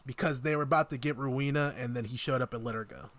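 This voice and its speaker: Animated man reading out his notes. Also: mid-range voice, quick pace. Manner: animated, reads out his notes in quotes, laughs often. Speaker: podcast co-host. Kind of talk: casual chat reviewing a TV season.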